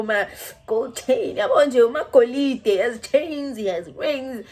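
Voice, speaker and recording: A woman's voice: fairly high pitch, a little slow, few pauses. A young South African woman with a South African accent, telling a casual storytime with slang and local phrases. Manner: animated, slangy, mixing in Zulu-style phrases, laughing a lot.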